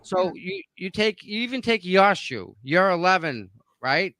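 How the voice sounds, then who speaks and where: A man's voice: high-pitched, sing-song, measured pace, pushed and bright. A man with a Boston accent arguing his points emphatically in a livestream discussion, repeating himself for weight.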